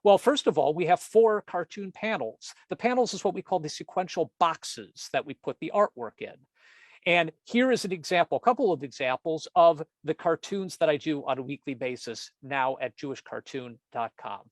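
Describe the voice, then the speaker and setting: A man, a comics editor and cartoonist, giving a storytelling presentation with jokey asides and animated self-interruptions. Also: on the high side, dry recording.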